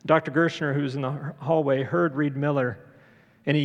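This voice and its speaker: Gravelly pastor preaching. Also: male voice, fairly high pitch, fairly even intonation. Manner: conversational storytelling with frequent filler pauses. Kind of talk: sermon. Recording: long church reverb.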